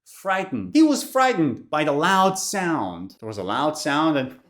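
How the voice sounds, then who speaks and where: A woman teaching English vocabulary in a clear, deliberate way, saying each new word slowly and repeating it for pronunciation. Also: low-pitched, big pitch swings. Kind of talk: vocabulary lesson.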